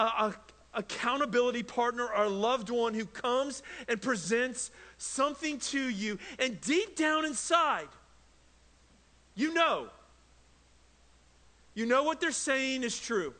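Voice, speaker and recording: A man preaching from the pulpit with a very high, bright, forceful voice. He tells stories conversationally and acts out little exchanges at home. The sound carries a long reverb from a large church hall. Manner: conversational storytelling, mimics his toddler and himself. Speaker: pastor. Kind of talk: sermon. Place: church sanctuary.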